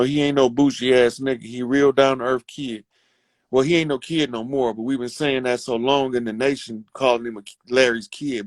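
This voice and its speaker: A man's voice: mid-range voice, no echo. A man giving a casual, preachy monologue to his community, fervent and profane as he lectures his listeners. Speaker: online speaker addressing his community.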